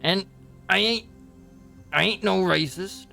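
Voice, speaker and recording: A man's voice: high-pitched, slow, gravelly, bright, forceful tone, soft background music, voice pushed up, heavily acted. A man voicing a blunt, paranoid human mercenary who swears and gets defensive.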